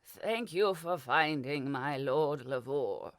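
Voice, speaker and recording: A woman voicing an ancient, grumpy male butler in an audiobook, formal and slow. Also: very deep voice, expressive, dry recording, studio quality, exaggerated voice.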